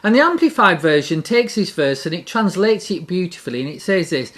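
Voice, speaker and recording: A middle-aged speaker with a mid-range voice gives an animated devotional talk at a fairly quick pace, repeating key phrases for emphasis.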